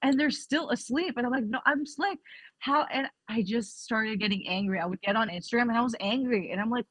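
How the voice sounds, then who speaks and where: A woman's voice: fairly high pitch, fast, fairly bright tone, no room sound. A woman guest on a podcast, chatting casually and acting out quoted exchanges as she tells her story.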